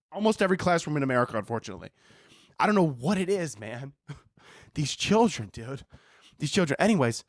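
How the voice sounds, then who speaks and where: Rambling, animated comic man, dry sound. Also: a little high, dry recording. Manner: animated, rambling storytelling with swearing and frequent laughs. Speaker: podcast host. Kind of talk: comedic monologue.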